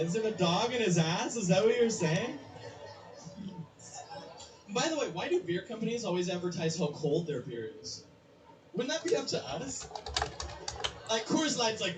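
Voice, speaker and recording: A woman's voice: mid-range voice, very animated, moderate pace. A woman doing stand-up comedy, ranting with lots of swearing and acting out quotes. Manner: profane, ranting, acts out quotes. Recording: echoey room.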